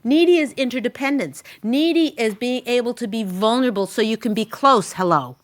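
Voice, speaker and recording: Animated, chatty woman hosting an advice show. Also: fairly high pitch, fairly quick. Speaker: talk show host and marriage advisor. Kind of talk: advice talk to a guest.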